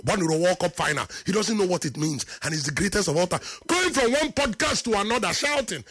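Emphatic man, high voice. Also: a bit bright, breathy edge, no echo. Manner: emphatic, repeats points for effect, drops to low slow tones. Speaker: football talk show host. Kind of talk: live football debate and reading viewer comments.

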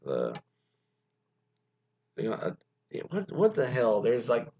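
A man with a gravelly voice rambles through his solo radio show, his pitch rising and falling a lot. He trails off into asides and fillers and sometimes curses. The sound is dull and lo-fi. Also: huge pitch swings, slow, warm tone. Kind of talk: casual solo talk, reading an article aloud with comments. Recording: lo-fi muffled sound.

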